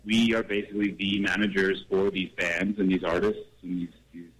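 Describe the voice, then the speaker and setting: A man talking as a guest in a radio interview, calling in and speaking in a measured way with many fillers. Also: low-pitched, level tone, fairly bright tone, a little hiss or hum, poor audio. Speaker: guest, artist manager. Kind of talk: phone-in interview.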